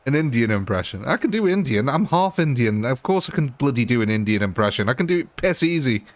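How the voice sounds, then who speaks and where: A gaming livestream host gives casual live commentary, blunt, joking and laughing often. His medium-pitched voice swings widely in pitch and moves fast, with no room sound.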